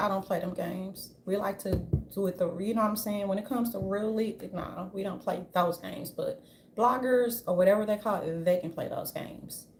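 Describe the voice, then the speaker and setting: A woman giving an unscripted commentary rant, brash and profane, with a sassy, animated delivery. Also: mid-range voice, slight background noise. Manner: brash, profane, sassy, repeatedly says "darling"; animated, jumps into mocking voices. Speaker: commentary vlogger.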